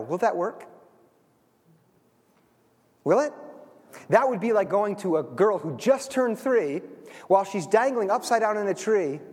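Pastor, male, high voice, emphatic sermon delivery, church hall echo. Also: a little mellow. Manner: emphatic, asks the congregation rhetorical questions. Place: church sanctuary. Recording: long hall reverb.

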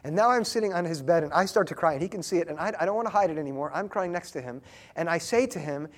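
A man preaching a sermon as pastor, earnest and tender, slow when he tells a story. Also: on the high side, lively intonation.

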